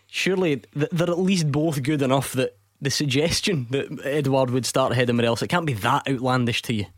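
A Scottish man hosting a sports phone-in from a dry, close-miked studio. He keeps things moving briskly with a wry touch, his pitch mid-range. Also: no echo. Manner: brisk, wry, steering the chat. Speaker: radio phone-in presenter. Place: radio studio.

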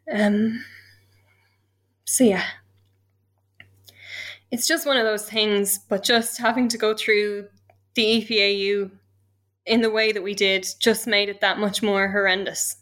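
A young woman with an Irish accent tells her own story in a candid, emotional way. Her voice is bright and forceful, and her pitch sits in an ordinary middle range. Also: steady tone, slow pace, long pauses. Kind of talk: personal account.

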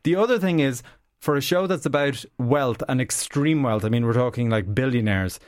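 A man's voice: medium pitch, normal speed, no echo. A man reviewing TV shows in casual radio chat, opinionated and given to restarts. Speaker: TV critic guest.

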